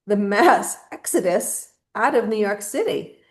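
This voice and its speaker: A woman's voice: medium pitch, sing-song, unhurried. A woman co-hosting a podcast from home in casual chat, emphatic and sarcastic, piling up lists of words. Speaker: podcast co-host.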